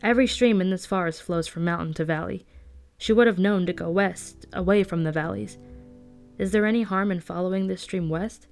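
A woman's voice: fairly low pitch, brisk, vocal fry, darkish tone, faint music behind. A woman voicing a bold young female fighter who speaks firmly and reassuringly. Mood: steady. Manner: firm, reassuring.

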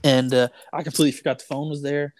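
Young man, casual chat, filler-heavy rambling, slightly raised pitch, dry close sound. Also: little pitch movement, fast, dry recording. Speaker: storyteller guest.

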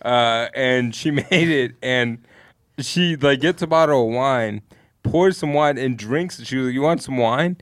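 Young man, podcast co-host, casual storytelling, rambling, middle pitch, dry close sound. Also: unhurried, dry recording. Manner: rambling, laid-back, heavy swearing and fillers. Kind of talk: casual storytelling among friends.

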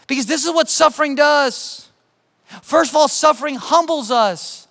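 A man preaching a sermon as pastor, passionate, swinging from urgent appeals to soft, quiet emphasis. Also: extremely high pitch, moderate pace. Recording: long hall reverb.

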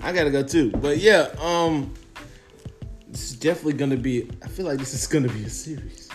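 Male podcast host, casual chat, animated, slangy, profane, clear music behind. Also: on the high side, fairly quick.

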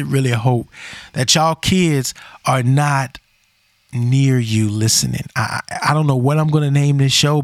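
A man's voice: mid-range voice, dry recording. Blunt, rambling male podcast host. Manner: blunt, rambling, repeats himself. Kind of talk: casual opinion monologue.

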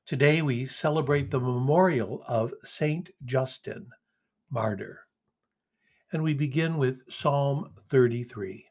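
A man with a husky, slightly breathy voice leads a daily devotional reflection. He talks in an earnest, inviting way, as if speaking to each listener directly. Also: mid-range voice, slow pace, darkish tone. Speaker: host of a daily reflection podcast. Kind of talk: devotional reflection and scripture reading.

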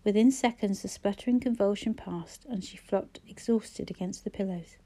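A woman reads a novel aloud in measured, even narration. Her voice is mellow and warm, pitched in a middle range, with a steady storytelling pace. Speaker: audiobook narrator. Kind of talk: scripted narration.

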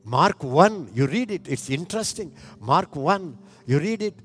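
Impassioned high-voiced male preacher. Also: lively intonation, measured pace, husky. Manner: impassioned, swinging from hushed to loud. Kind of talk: sermon.

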